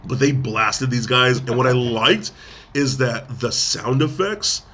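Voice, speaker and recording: A podcast co-host with a mid-range, slightly bright voice speaks slowly as he casually retells a film's plot, full of fillers and restarts. There's slight background noise.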